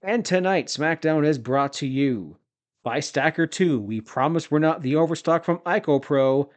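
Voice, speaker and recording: A man from Canada in his forties, hosting a podcast and recapping old wrestling episodes in a rambling way, with jokey asides and shout-outs. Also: a little high, expressive, normal speed. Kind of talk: casual recap commentary.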